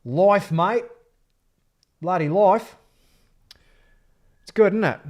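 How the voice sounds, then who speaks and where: A man's voice: sits high, drawn-out words, a little mellow, pitched above the performer's own voice. A man putting on an exaggerated Australian accent, playing a laid-back bloke. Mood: boisterous. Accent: put-on Australian.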